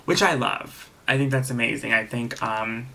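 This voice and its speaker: Man, casual episode recap, rambling, frank, mid-pitched voice, lots of restarts. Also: normal speed, gravelly, bright, forceful tone. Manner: rambling, many fillers and restarts; frank, swears freely. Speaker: TV episode reviewer.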